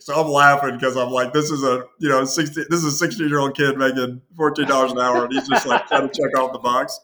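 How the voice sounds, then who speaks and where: Hosting his podcast, a man from the American Midwest spins a long, rambling story in casual conversation, often cutting himself off. He talks fast in a steady, fairly bright mid-range voice, hardly pausing.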